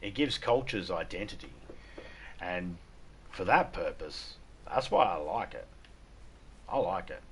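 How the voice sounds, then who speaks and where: Brief: irreverent Australian gaming streamer, lower pitch, casual rambling jokes. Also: male voice, expressive, a little slow, pauses often, a bit bright, a little hiss or hum. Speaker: gaming livestreamer. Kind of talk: casual chat while gaming.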